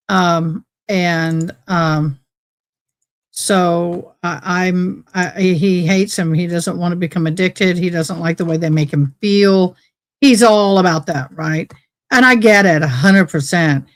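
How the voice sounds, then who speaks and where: A woman's voice: on the low side, no room sound, studio quality. A woman chatting casually on a livestream in a folksy, rambling way. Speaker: livestream host.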